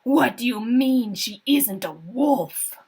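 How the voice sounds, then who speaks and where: A woman voicing a commanding male werewolf alpha who hollers his demands slowly and sternly, in a dramatic story reading. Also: medium pitch, slightly rough, heavily acted.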